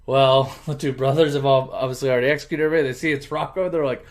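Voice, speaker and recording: A man hosting his channel, casually retelling a movie plot in an animated, chuckling, conversational way. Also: medium pitch, racing. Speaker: channel host.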